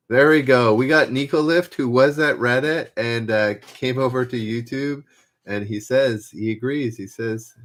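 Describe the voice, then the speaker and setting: Hosting live-stream trivia, this man stays relaxed and self-deprecating. He reads out what viewers guessed and says each question again, all in a mid-range voice.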